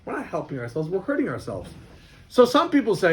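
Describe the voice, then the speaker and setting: A man's voice: sits high, huge pitch swings, brisk. A man, a rabbi, teaching a class of boys and telling them a story, often repeating himself.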